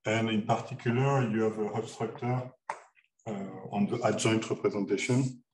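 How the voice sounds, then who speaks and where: Man, math lecture, halting, echoey hall. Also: fairly low pitch, steady tone, darkish tone. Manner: halting, many fillers and restarts. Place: lecture room. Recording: echoey lecture hall, mic far off, noisy.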